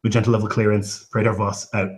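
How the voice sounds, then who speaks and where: Man voicing a mimic monster, low voice, slow false calm. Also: lightly acted. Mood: falsely calm.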